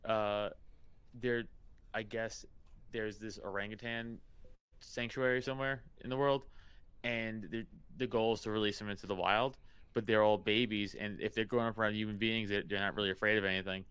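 A man's voice: on the low side, fairly even intonation, moderate pace, fairly bright tone, clean tone, no echo. Rambling, profane man chatting casually. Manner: profane, rambling, laughs often, mimics voices. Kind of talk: casual chat.

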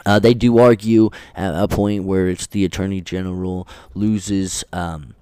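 A man's voice: deep voice, steady tone, a little slow, a little mellow, smooth, dry recording. A man hosting a podcast, rambling through legal points with many fillers and restarts, then reading statute text aloud in a casual way, now and then swearing. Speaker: podcast host.

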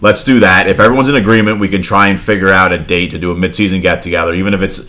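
A man's voice: low voice, steady tone, rapid-fire, pushed and bright. A man chatting casually about plans for a fantasy football league, telling stories with a lot of swearing. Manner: profane, storytelling. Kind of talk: casual chat.

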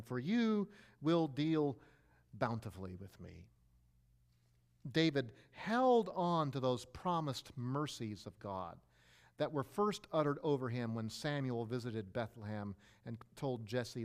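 A male pastor giving a sermon, explaining with everyday examples and rhetorical questions, shifting his pitch and pace for emphasis.

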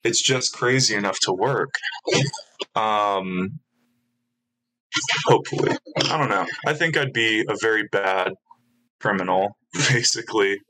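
A man's voice: fairly low pitch, measured pace, pauses often, sharp tone, slight background noise, rough recording. A young man chatting casually in an interview, rambling and self-mocking, filling gaps with ums and little laughs.

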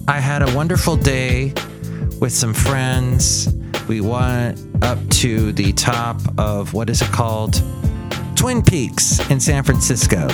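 Rambling, jokey male podcast host. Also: medium pitch. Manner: rambling, jokey, self-correcting. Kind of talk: casual solo podcast monologue.

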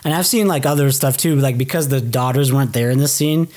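A man's voice: medium pitch, quick pace. Chatty man recapping a show. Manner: animated retelling, acts out characters' lines. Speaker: podcast co-host. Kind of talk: casual chat recapping a TV show.

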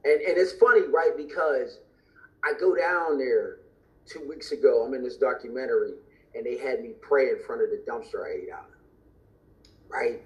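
A man's voice: medium pitch, moderate pace, low-quality recording. A man guesting on a podcast, candidly and earnestly telling a personal story with emotion.

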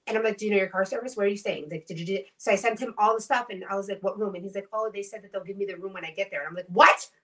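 A woman's voice: medium pitch, racing, few pauses, far from the mic. A woman co-hosting a podcast, chatting casually and telling stories with acted-out quotes and frequent swearing. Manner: animated storytelling, acts out quoted voices, swears freely. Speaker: podcast co-host. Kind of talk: casual chat.

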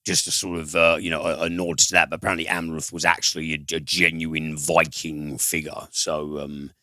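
A man's voice: a bass voice, flat delivery, moderate pace, pushed and bright, no echo. A man reviewing a film in casual chat, rambling and profane, with frequent fillers and restarts.

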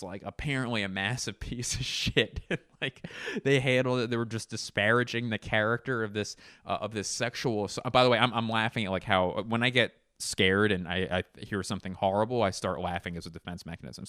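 A man talking loosely through a comedic monologue, swearing freely and going off on side jokes. His voice sits on the low side and comes across smooth and clear. The sound is close and dry, with no room in it. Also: fairly bright tone, no echo. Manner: rambling, profane, jokey asides.

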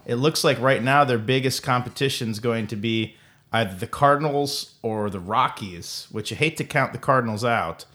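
A man's voice: mid-range voice, normal speed, pushed and bright. A man co-hosting a casual sports podcast, talking in a rambling way with lots of stumbling restarts. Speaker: podcast co-host.

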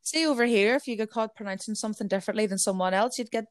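A woman with a Northern Irish accent, co-hosting a casual chat show and telling stories in a blunt, sweary, animated way. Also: medium pitch, rapid-fire, no echo. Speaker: podcast co-host.

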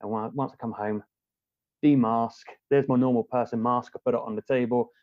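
Man, podcast guest, casual chat, halting and rambling, slightly muffled lo-fi sound. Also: mid-range voice, fairly even intonation, no echo. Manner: rambling, halting, many restarts and fillers. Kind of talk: casual conversation.

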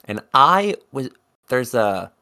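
A South Jersey man co-hosting a podcast spins a long, rambling story in casual conversation, swearing freely. His mid-range voice is sing-song, pushed and bright, and he talks slowly.

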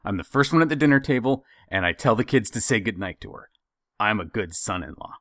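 A man tells a family story in a relaxed chat, his low voice swinging widely in pitch as he acts out what others said. The sound is dry and close to the mic. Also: fairly quick, dry recording. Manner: animated, acts out quoted voices.

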